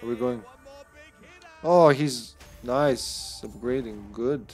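A man commenting on his own online game as he plays, swearing often and sometimes shouting at the screen. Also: medium pitch, slow, faint music behind. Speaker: streamer. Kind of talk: live gameplay commentary.

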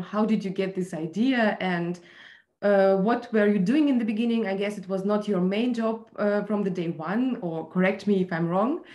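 A woman moderating an online panel, asking the guests questions in a measured way. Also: medium pitch, darkish tone. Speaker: interview host. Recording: roomy echo.

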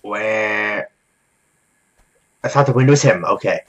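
A young man calmly commenting on his own gameplay, talking to himself with many "okay"s. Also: on the low side, takes it slowly, lo-fi sound. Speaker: gaming video host. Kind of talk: let's play commentary.

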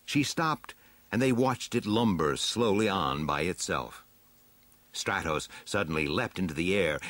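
Lively low-voiced man reading a storybook. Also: no room sound. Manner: expressive, dramatic read-aloud. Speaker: narrator. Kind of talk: scripted storybook narration.

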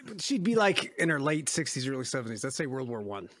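A male podcast co-host making jokey deadpan asides. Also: medium pitch, fast, no room sound. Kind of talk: casual banter.

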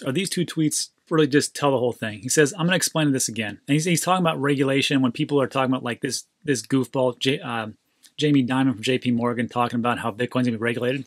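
A man hosting a crypto channel, talking casually and excitably straight to his viewers, ranting and getting worked up. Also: mid-range voice, fast talker, dry recording, studio quality. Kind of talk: casual commentary monologue.

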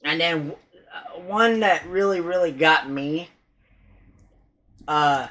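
A man's voice: a little high, takes it slowly, bright, forceful tone, low-quality recording. A man vlogging casually about paranormal recordings, rambling and hesitant, with many restarts and some swearing. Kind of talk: casual vlog talk.

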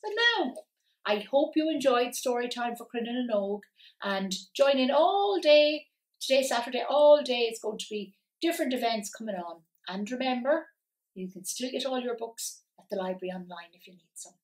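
Cheerful library storyteller, distant mic. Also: female voice, a little high, normal speed. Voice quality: animated, expressive storytelling. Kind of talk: reading a picture book aloud for children.

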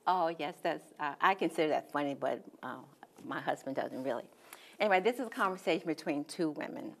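A woman's voice: sits low, lively intonation, a little fast. A woman in her sixties from North Carolina, a poet guest telling plainspoken anecdotes in an interview. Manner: plainspoken, anecdotal, acts out quoted speech. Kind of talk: casual storytelling interview.

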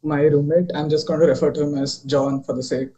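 Young man, video call, mellow tone, rambling with fillers, restarts, higher pitch. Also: flat delivery, a little fast, highs cut off, slight background noise. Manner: rambling, many fillers and restarts, drops quieter while retelling. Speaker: caller telling a ghost story. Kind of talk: casual storytelling on a video call.

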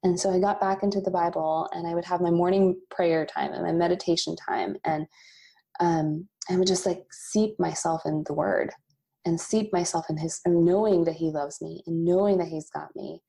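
A woman in her thirties speaks as a podcast guest, sharing an emotional personal story. Her voice is low and darkly mellow, with a gravelly edge. She breaks into laughter often and acts out quoted asides with lively energy. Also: normal speed. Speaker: podcast guest, coffee company founder. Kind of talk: candid conversational storytelling.

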